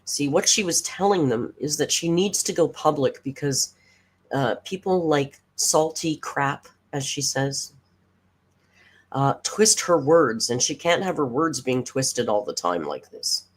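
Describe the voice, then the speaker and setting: A woman's voice: sits low, lively intonation, unhurried, slightly rough. Sarcastic woman streamer reading chat. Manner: sarcastic, swears freely, reads chat aloud. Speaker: reaction streamer host. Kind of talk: casual livestream commentary.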